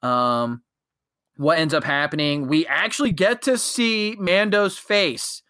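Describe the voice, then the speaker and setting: Casting note: male podcast co-host, bright and slightly high voice, loose rambling recap delivery, dry room. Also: slow, clean tone, dry recording. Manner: rambling, filler-heavy storytelling with acted-out quotes. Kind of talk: casual chat recapping a TV episode.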